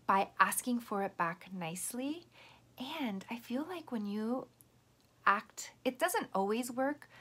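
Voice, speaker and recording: A woman teacher giving a patient, gentle lesson to young children, explaining step by step. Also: on the high side.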